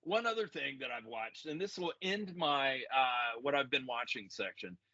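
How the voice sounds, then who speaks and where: A man's voice: mid-range voice, expressive, moderate pace, bright, forceful tone, dry recording. A man co-hosting a podcast in casual chat, laid-back and rambling, often calling his co-host "man.". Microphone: remote call mic. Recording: dull lo-fi audio.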